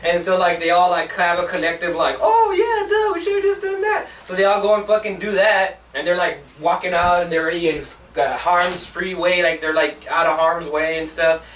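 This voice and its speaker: A young host speaks brisk and bright in a fairly high, steady voice, barely pausing, with slight background noise. On his own show he rants casually about a movie, profane and rambling, full of "like" and exasperated bursts. The recording has a roomy echo from a distant mic.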